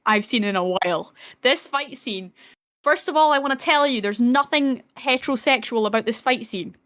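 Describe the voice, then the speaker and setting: A woman's voice: a little high, normal speed, fairly bright tone. A woman co-hosting a podcast, casually retelling film scenes with lots of swearing and acted-out quotes. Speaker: podcast co-host.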